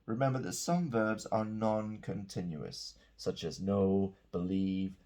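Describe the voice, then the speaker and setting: In a grammar lesson, a man with a low, slightly mellow voice takes his time working through example sentences. He explains them patiently, pausing to ask "okay?"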